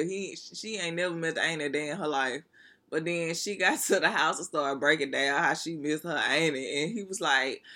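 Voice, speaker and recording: A woman's voice: on the low side, bright, forceful tone. A woman talking straight to her listeners in a casual, candid monologue, blunt and full of profanity, laughing now and then.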